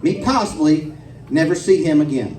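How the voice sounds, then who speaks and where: A comedian doing a calm, earnest young friend, speaking low and level. Recorded live in a roomy, echoing pub, the mic set back. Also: male voice, moderate pace, very noisy, close to an everyday voice. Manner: calm, earnest, matter-of-fact. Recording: echoey pub room, distant mic.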